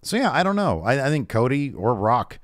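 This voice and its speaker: A man co-hosting a casual wrestling podcast, talking excitedly with many fillers and restarts. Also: mid-range voice, fairly quick, no room sound, studio quality. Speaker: podcast co-host. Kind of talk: casual wrestling recap chat.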